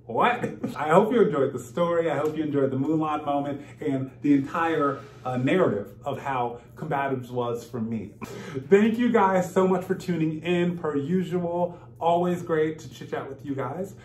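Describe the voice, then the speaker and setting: Animated man telling a story, roomy sound. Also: on the high side, normal speed, slight background noise. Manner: animated, laughing, acts out quotes. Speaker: vlogger. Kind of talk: casual storytelling vlog.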